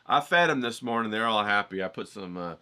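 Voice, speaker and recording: Brief: casual male vlog host, bright and forward tone, profane, chatty teaching style. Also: on the low side, expressive, brisk, clear, resonant tone. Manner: rambling, profane, keeps checking in with "okay?". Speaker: writing challenge host. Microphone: filtered through a voice isolator.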